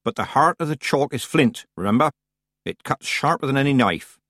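A man voicing a stern, sharp old woman witch with a dry, firm and clipped manner. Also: mid-range voice, animated, moderate pace, no room sound, pitched above the performer's own voice. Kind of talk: audiobook character voice.

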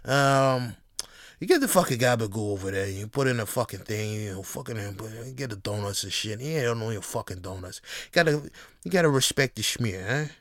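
A man voicing a brash Italian-American deli guy who talks in a gruff, profane swagger. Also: fairly low pitch, expressive, fairly quick, a bit bright, no echo, clean studio sound, pitched below the performer's own voice.

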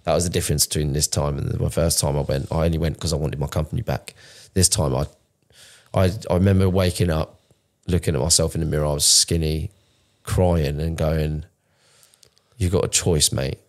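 Gravelly deep-voiced man, raw. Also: flat delivery, fairly quick. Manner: raw, emotional, swears often, restarts sentences. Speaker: podcast co-host. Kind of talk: candid conversational storytelling.

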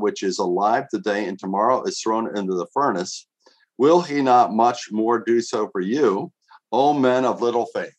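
Earnest man preaching a conversational sermon. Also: mid-range voice. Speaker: pastor. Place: outdoors in winter.

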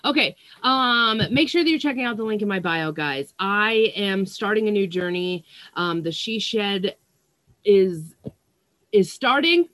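On a casual livestream, a young psychic medium and astrology vlogger talks through an earphone mic from a small, stuffy home room where fans run. She rambles, swearing often among fillers. Her medium-pitched voice is a bit bright, with lively intonation and a measured pace, and there's no echo.

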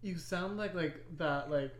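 A woman's voice: on the low side, unhurried, crowd noise. A woman co-hosting a casual podcast chat, rambling and laughing easily. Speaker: podcast co-host.

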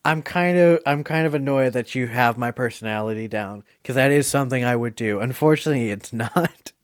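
A man hosting a casual movie quiz podcast, chatty and quick to laugh. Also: medium pitch, no echo, studio quality. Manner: chatty, laughs often, gushing. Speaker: quiz host. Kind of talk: casual podcast game chat.

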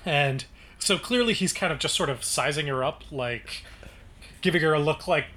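A man's voice: fairly high pitch, moderate pace, pushed and bright. A man co-hosting a casual book podcast, reading passages aloud and breaking off to comment. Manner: reads narration then breaks off to comment, with chatty restarts.

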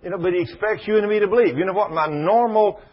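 Male preacher, folksy and emphatic, slightly high, husky voice, muffled lo-fi sermon recording. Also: quick pace. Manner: folksy, emphatic, dramatic swings in pitch and volume. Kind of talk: sermon with storytelling.

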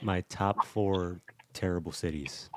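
A man's voice: deep voice, steady tone, measured pace, slight background noise. A man co-hosting a podcast in casual chat, often stammering and turning dryly mock-serious. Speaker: podcast co-host.

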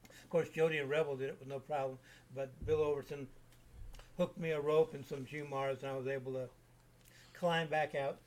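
An older man in his seventies tells long, meandering stories as an interview guest. His voice sits a little high for a man, and he often stops and repeats himself mid-sentence. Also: steady tone, moderate pace. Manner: rambling, self-repeating anecdotes. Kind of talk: casual storytelling.

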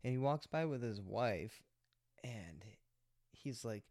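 A man's voice: medium pitch, animated, slow, a little mellow, dry recording, clean studio sound. Rambling, foul-mouthed man on a podcast. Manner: rambling, heavy swearing, lots of filler words. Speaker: podcast host. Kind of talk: casual storytelling.

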